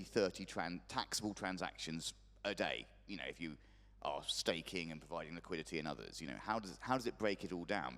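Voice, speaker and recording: A man moderating a conference panel in a rambling, jokey way, with many restarts. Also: deep voice. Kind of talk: panel discussion. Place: conference hall. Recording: long hall reverb.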